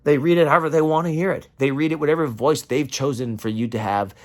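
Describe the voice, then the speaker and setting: A man's voice: fairly high pitch, quick pace. A man delivering an emotional, profane rant straight to camera and acting out the voices of the people he quotes. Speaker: vlogger.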